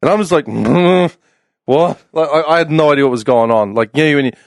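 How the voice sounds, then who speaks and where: A young Australian man telling a casual story on a podcast, laughing often and loudly acting out the voices of people he quotes. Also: a little high, fairly quick, creaky, no room sound, clean studio sound. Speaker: podcast panelist.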